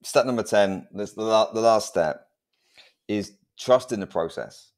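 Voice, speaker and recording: A man's voice: lowish voice, animated, unhurried, a little mellow. A man co-hosting a podcast, speaking in an earnest, emphatic way and swearing casually. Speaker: podcast co-host. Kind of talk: casual chat.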